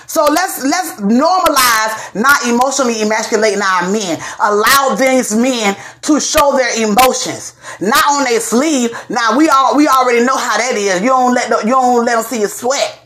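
Woman host, fairly high voice, casual and blunt commentary, swears freely. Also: normal speed, few pauses, a bit bright.

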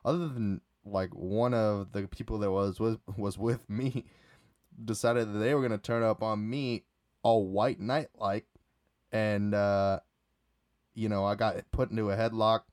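A man's voice: fairly low pitch, steady tone, unhurried, a little mellow, clean tone, no room sound, studio quality. A young man telling a casual, rambling story about a night out, full of restarts and fillers.

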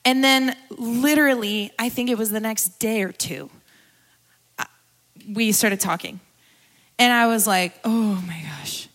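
Bright-voiced young woman giving testimony. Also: on the high side, a little slow, pauses often. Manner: candid, conversational, laughs often, tearful at times. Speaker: guest speaker at a church gathering. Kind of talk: personal testimony sermon.

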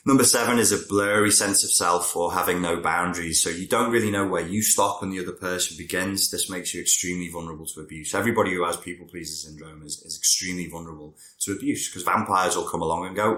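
A man's voice: deep voice, steady tone, fast, hardly any pauses, pushed and bright, echoey room. A man, a therapist talking casually to camera about personality traits, digressive and wry. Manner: conversational, digressive, wry asides. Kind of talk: talking-head explainer.

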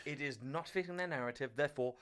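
A man's voice: on the high side, quick pace, fairly bright tone, clear, resonant tone. A man co-hosting a podcast in a studio, chatting casually in sweary, emphatic banter. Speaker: podcast co-host. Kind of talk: casual chat.

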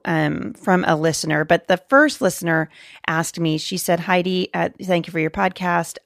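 A woman's voice: on the low side, creaky, no room sound, studio quality. A woman hosting a faith-based parenting podcast, chatting in an earnest, encouraging way with fillers and restarts. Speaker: podcast host. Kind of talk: casual chat.

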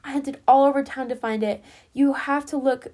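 A woman's voice: high-pitched, fairly even intonation, moderate pace, darkish tone, natural voice. A woman voicing a young loving wife who speaks in an eager, pleading way in a storybook reading.

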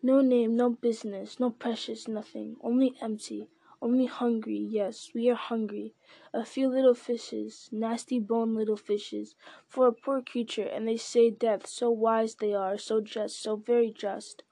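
A woman's voice: fairly high pitch, level tone, measured pace, gravelly, warm tone, no echo. A woman voicing a wretched, whining male creature who pleads and repeats himself. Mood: pleading. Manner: whimpering, repetitive pleading.

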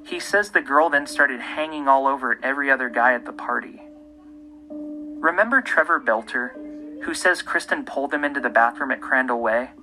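A man hosts a scripted true-crime narration, his voice strikingly bright and forward. He speaks in a measured, pointed manner. Quiet music plays behind him. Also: medium pitch, rough recording. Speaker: podcast host.

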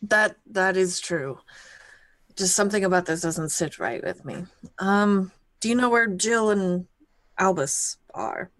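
Female player, animated, unhurried, dry close sound, quick to laugh. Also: mid-range voice, dry recording. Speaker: tabletop game player. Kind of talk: in-character table talk.

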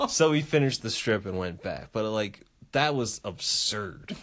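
A man's voice: lowish voice, moderate pace, few pauses. A man hosting a podcast, telling a story in casual chat, swearing and acting out the people in it. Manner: animated, profane, acts out voices while telling stories. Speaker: podcast host.

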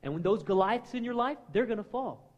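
A man preaching a sermon in a conversational way, acting out quoted voices and swinging between loud lines and hushed ones. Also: high voice, animated, brisk, dull audio. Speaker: pastor.

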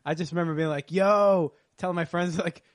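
A man's voice: on the high side, flat delivery, very fast, dry recording, studio quality. A young man chatting casually on a podcast about dating, joking and laughing easily. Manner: laughing, jokey. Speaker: podcast co-host. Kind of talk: casual chat.

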